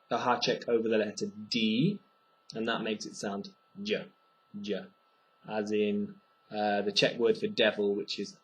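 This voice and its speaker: Man teaching pronunciation, slow and clear. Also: lowish voice, poor audio. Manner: slow and clear, repeating sounds for the learner. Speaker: language teacher. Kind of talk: pronunciation lesson.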